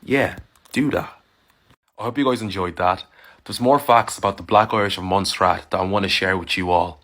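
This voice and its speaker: A man's voice: low-pitched, moderate pace, a bit bright. A man video creator speaking casually and earnestly to camera. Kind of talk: casual vlog sign-off.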